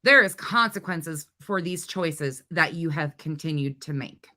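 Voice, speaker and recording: A woman's voice: deep voice, lively intonation, measured pace, bright, forceful tone. A woman hosting a reaction commentary, ranting bluntly and indignantly with profanity and sarcastic mockery. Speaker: commentary channel host.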